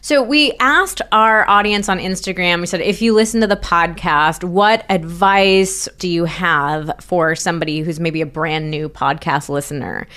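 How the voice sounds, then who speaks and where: A woman's voice: lowish voice, moderate pace, hardly any pauses, a bit bright. A woman co-hosting a podcast, chatting casually and reading listener messages aloud in an upbeat way. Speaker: podcast co-host.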